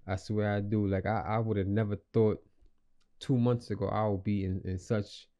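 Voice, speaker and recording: A man's voice: on the low side, flat delivery, moderate pace, mellow, clean tone. A young man hosting a casual motivational podcast, rambling and repeating himself in slangy, earnest talk. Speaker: podcast host.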